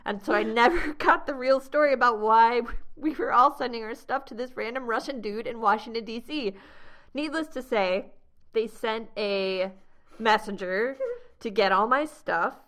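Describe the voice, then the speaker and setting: A woman's voice: on the high side, moderate pace. Young american woman, podcast host, telling a travel story, laughs a lot. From United States. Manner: animated storyteller, laughs often. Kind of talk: casual storytelling chat.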